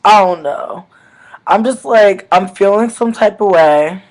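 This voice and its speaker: A man with telling a story to viewers in a casual vlog, animated and slangy, swinging between loud bursts and low mutters. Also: measured pace, poor audio. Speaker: vlogger.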